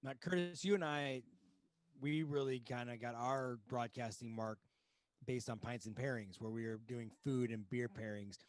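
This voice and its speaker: A man's voice: mid-range voice, steady tone, moderate pace, no echo. Podcast host guy asking rambly questions, dry close sound. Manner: chatty, joking questions. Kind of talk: podcast interview.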